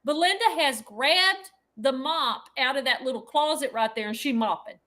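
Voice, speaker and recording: A woman's voice: sits high, moderate pace, sharp tone. A woman co-hosting a podcast, telling a story in a casual way and laughing often as she goes. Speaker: podcast co-host.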